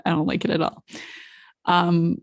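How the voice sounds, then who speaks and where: A woman's voice: on the low side, completely flat delivery, a little slow. A woman hosting her own podcast in a solo monologue, reflective and asking the listeners questions. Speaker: podcast host.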